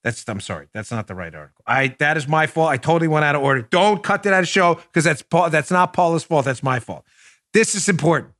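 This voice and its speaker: A man hosting a political podcast, talking in a sarcastic, mocking way with loud bursts and muttered asides. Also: on the high side, expressive, quick pace, no echo, clean studio sound. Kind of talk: opinionated solo commentary.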